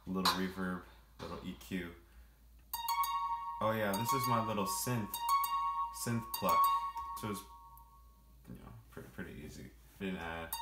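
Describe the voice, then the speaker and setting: Low-voiced man walking through his song. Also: echoey room. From family roots in Jamaica and Brazil. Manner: relaxed, rambling with many fillers. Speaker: musician explaining his song production. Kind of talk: casual walkthrough.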